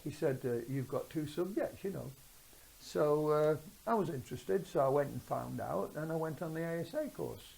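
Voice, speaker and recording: A woman's voice: deep voice, lively intonation, normal speed, creaky, mellow, low-quality recording. An older woman telling rambling stories in an oral history interview. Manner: rambling anecdotal storytelling. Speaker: interviewee, former swimming teacher.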